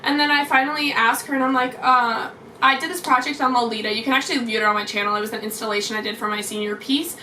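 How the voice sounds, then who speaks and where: A woman's voice: a little high, flat delivery, fast, few pauses, bright, forceful tone, slight background noise. A young adult woman gushing through a casual storytime vlog, rambling with many fillers. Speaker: vlogger. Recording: roomy echo from far off.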